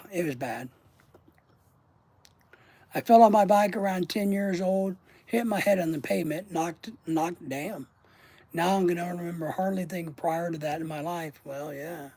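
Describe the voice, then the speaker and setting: Mellow-voiced man telling a rambling story. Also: high voice, a little slow, pauses often. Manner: rambling, profane, often trails off. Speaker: channel host. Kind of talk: casual livestream storytelling.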